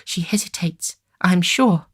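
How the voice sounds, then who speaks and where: Soft-hearted anxious young lady, a man putting her on, high and breathless, storybook voice. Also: moderate pace, gravelly. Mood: imploring.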